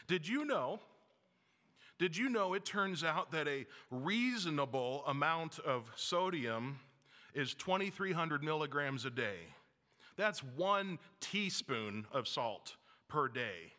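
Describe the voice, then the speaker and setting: Pastor guy preaching, bright forceful voice, joking about himself, big echoey church sound. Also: medium pitch. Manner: animated preaching with a wry, self-mocking humor. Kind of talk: sermon.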